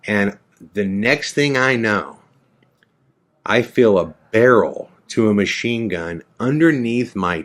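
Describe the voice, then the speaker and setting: A man's voice: fairly low pitch, a bit bright. A man hosting a podcast, telling a frightening true story about himself in a vivid, dramatic first-person way. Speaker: podcast host.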